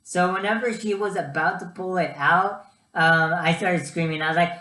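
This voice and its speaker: A man's voice: high-pitched, normal speed, echoey room, heavy background noise. A young man giving casual vlog advice, chatty and full of ums and uhs. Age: young adult. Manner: chatty, lots of ums and uhs, animated storytelling. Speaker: student vlogger.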